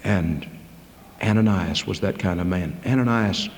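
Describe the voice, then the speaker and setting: A man preaching a sermon, swinging from loud, high-pitched preaching to slow, quiet, low passages. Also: a little hiss or hum. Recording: echoey hall, long reverb.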